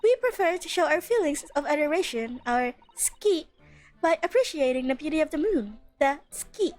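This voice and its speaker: Girl doing a shy earnest japanese scholar guy, slow careful way of explaining, pitched lower than her own voice. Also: expressive, darkish tone, soft background music. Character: reserved young male Japanese scholar.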